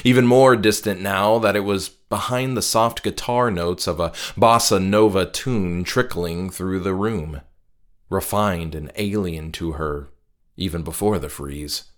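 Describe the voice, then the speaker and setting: Narrating a horror short story, a deep-voiced man keeps his delivery hushed and measured, letting his phrases fade quietly at their ends.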